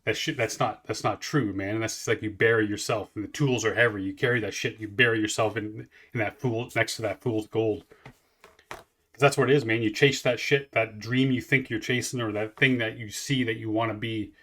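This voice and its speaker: A man's voice: on the low side, fairly even intonation, fairly quick, fairly bright tone. A man in his forties hosting a music reaction, rambling casually with lots of swearing and restarts. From Canada. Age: 40s. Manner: rambling, profane, many restarts.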